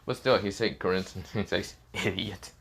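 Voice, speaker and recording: A man's voice: low-pitched, normal speed, fairly bright tone. A man improvising a fan fiction story in a rambling, crude, casual way.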